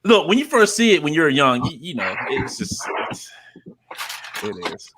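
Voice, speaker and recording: A man's voice: fairly high pitch, huge pitch swings, normal speed, a bit bright. A man hosting a casual podcast chat, rambling and repeating himself, laughing often. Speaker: podcast host.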